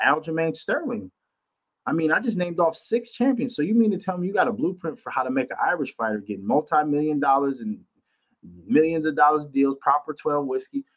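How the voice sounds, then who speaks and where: A man's voice: medium pitch, husky. Male podcast host, mid-range voice, profane casual rant, keeps repeating his points. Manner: profane, emphatic, repeats himself.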